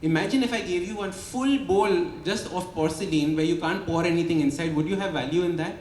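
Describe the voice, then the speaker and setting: A man with a high, slightly mellow voice, an author and habit coach, speaks a little fast at his book launch, explaining his ideas to an audience and asking rhetorical "right?" questions. The event hall is echoey with light ambience, and there's slight background noise.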